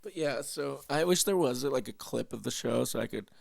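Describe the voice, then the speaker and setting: A man's voice: medium pitch, animated, moderate pace, creaky, background noise. A young man from Canada hosting a casual reaction show, rambling with profanity and frequent restarts. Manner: rambling, profane, self-interrupting. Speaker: host.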